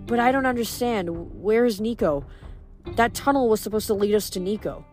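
A woman's voice: medium pitch, animated, normal speed, darkish tone, faint music behind, lightly acted. A woman voicing a dazed teenage girl who asks confused questions. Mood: puzzled.

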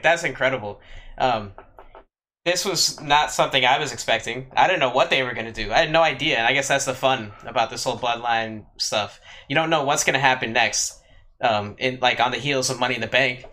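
A male podcast co-host with a bright, sharp voice, talking in a loose, casual way. He stumbles through plenty of fillers and repeats his words as he thinks aloud. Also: medium pitch.

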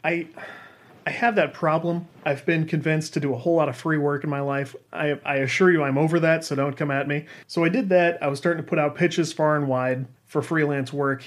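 A man's voice: fairly high pitch, fairly even intonation, a little fast. A man casually telling a personal story about freelance games writing, rambling and self-deprecating, with frequent restarts and fillers.

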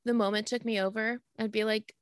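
A woman's voice: on the high side, level tone, fairly quick, slight background noise. A woman comedian guest chatting on a podcast, laughing often and acting out quoted lines. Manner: giggly, acts out quotes in bursts. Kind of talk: casual podcast chat.

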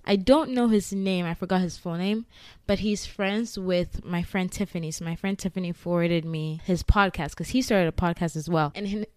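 A woman's voice: mid-range voice, a little mellow, smooth, no echo, studio quality. A woman in her twenties hosting her own podcast, rambling casually and giggling often. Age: 20s. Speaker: podcast host. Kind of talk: casual chat.

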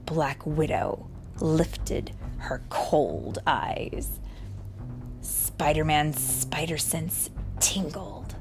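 Woman reading a storybook to a child; unhurried and animated, with some vocal fry. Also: low voice, soft background music. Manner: gentle, explaining to a child.

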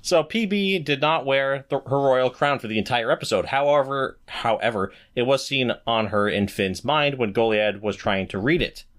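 A man's voice: mid-range voice, normal speed, few pauses, a bit bright. A man co-hosting a podcast in casual, playful chat with frequent restarts. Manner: chatty, playful, with self-correcting restarts. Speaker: podcast co-host.

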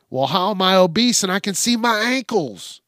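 A man's voice: high voice, very animated, moderate pace, fairly bright tone, no room sound, studio quality. A male host giving comedic news commentary, profane and mocking, laughing often.

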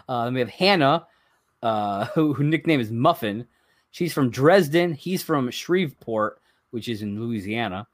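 A man's voice: medium pitch, no echo, clean studio sound. A man co-hosting a podcast, chatting casually as he reads items from a list, rambling and chuckling along the way. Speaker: podcast co-host. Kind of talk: casual chat.

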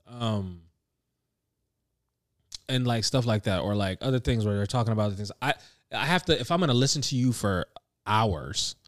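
A man's voice: on the low side, lively intonation, moderate pace, long pauses, no echo, studio quality. A man in his thirties with an American accent carrying a slight British tinge, co-hosting a podcast in a loose, rambling, laid-back way. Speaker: podcast co-host. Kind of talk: casual chat. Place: small room, seated on a couch.

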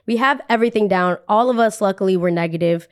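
A woman's voice: mid-range voice, fast talker, clear, resonant tone. A young adult woman hosting a podcast, telling a personal story in a casual, chatty way, repeating phrases for emphasis and saying "like" often.

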